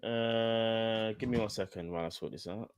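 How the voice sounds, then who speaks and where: A man's voice: lowish voice, normal speed, clear, resonant tone, dry recording, studio quality. Slangy man chatting to his stream. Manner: slangy, talks straight to chat. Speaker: fan channel host. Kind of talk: casual live-stream chat.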